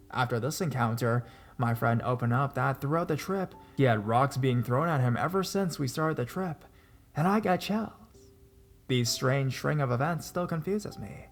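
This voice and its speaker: A man's voice: mid-range voice, animated, moderate pace, faint music behind. Man narrating true scary stories. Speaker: horror story narrator. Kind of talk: scripted narration of reader stories.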